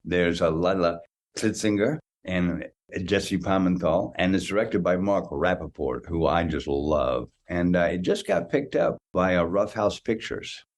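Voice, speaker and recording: Deep-voiced man in his sixties telling stories. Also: measured pace. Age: 60s. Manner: animated anecdote-telling, repeats words. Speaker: guest actor. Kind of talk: casual interview storytelling.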